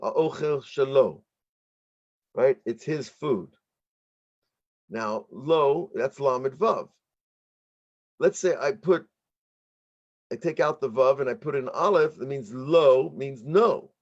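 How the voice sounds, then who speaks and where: A middle-aged American man teaches as a rabbi in an online workshop, at a medium pitch. He explains step by step, often restarting his sentences and laughing easily. The audio sounds somewhat dull and lo-fi. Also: slow pace, pauses often, darkish tone. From United States.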